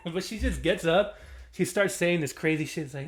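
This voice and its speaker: A man with a fairly high voice talks through a movie he loved in a loose, casual review. He is animated and slangy and breaks into laughter often as he recounts scenes. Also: normal speed.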